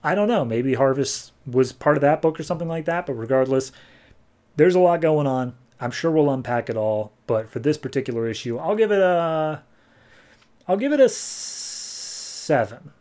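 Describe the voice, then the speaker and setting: A man hosting a podcast, giving a casual recap of comic books and breaking into quick voices for the characters. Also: a little high. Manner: animated storyteller, acting out characters' lines in quick voices. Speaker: podcast host.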